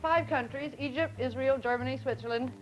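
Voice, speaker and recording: A woman's voice: sits high, fairly quick, lo-fi sound. A woman moderating a 1950s broadcast student panel, friendly and laughing as she introduces guests and steers the talk.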